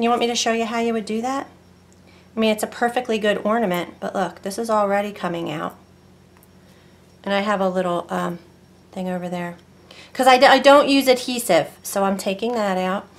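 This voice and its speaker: A woman chatting casually through a home crafting tutorial, rambling and breaking off mid-thought. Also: medium pitch. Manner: rambling, chatty, self-interrupting. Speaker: craft vlogger.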